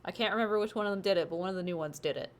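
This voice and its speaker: This woman talks at a racing clip in a medium-pitched voice, chatting on a live game stream via wireless headset. Bubbly and chatty, she breaks off from time to time to coo at her pet.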